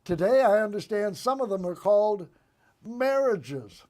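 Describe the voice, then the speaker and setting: A man hosting a political comedy show, delivering one-liners and sarcastic commentary in a deadpan monologue. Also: sits high, measured pace. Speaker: host.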